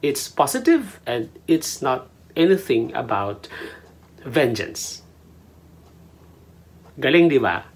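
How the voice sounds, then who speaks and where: Casting: tutor, unhurried and lively in pitch, switches between Tagalog and English. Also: over music. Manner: mixes Tagalog and English, spells words letter by letter. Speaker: language teacher. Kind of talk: casual language lesson. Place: small room at home.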